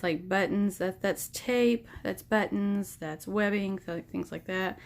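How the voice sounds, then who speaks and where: A woman in her thirties or forties, a sewing vlogger, giving a chatty, rambling tour of her small home sewing room while filming on her phone. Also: medium pitch. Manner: chatty, rambling, self-deprecating. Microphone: phone held at arm's length.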